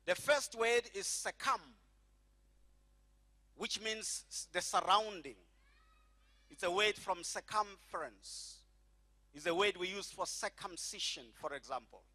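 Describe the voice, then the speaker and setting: A middle-aged man preaching with a high, ringing voice. He leans on key phrases, drawing them out slowly and calling the congregation to say them back. His tone is bright and forceful from the pulpit. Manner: emphatic preaching, slows and stretches key phrases, has congregation repeat after him. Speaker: pastor. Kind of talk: sermon.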